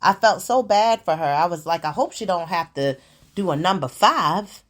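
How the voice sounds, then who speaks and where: A woman hosts her own show and talks straight to her listeners in a casual, sassy monologue full of swearing. Her pitch swings widely from line to line, and she tells her stories with lots of attitude. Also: normal speed. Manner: profane, animated, sassy storytelling. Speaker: podcast host.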